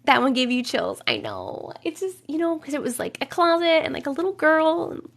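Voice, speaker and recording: A woman's voice: high voice, huge pitch swings, fairly quick, vocal fry. A woman live-streaming from home, chatting with viewers and reading their stories aloud, swearing casually and laughing as she reacts. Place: home room, alone.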